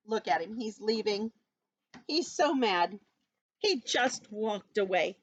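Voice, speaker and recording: A woman teacher reading a storybook to young children, gentle and animated, stopping to ask them questions. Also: medium pitch, slow pace, no room sound, dull audio.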